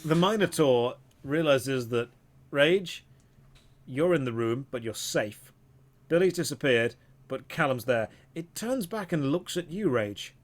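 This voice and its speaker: A man narrating a tabletop game as dungeon master, in a measured storytelling manner. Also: mid-range voice, animated.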